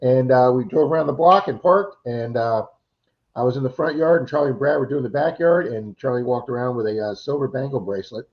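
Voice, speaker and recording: A man's voice: mid-range voice, fast. Chatty storytelling man on lo-fi stream. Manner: animated storyteller, acts out quoted voices. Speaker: livestream host. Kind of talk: casual chat. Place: Florida.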